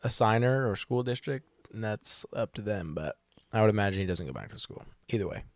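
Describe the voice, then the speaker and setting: A man in a casual podcast chat, giving calm, matter-of-fact opinions. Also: fairly low pitch, a little fast, no echo. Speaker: podcast co-host.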